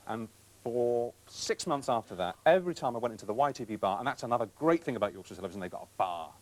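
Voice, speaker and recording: A middle-aged man in an interview, telling self-deprecating stories with quick asides. He talks fast, and his pitch rises and falls in lively swoops. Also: a little hiss or hum, low-quality recording. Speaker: TV presenter recalling his career. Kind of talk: anecdotal interview talk.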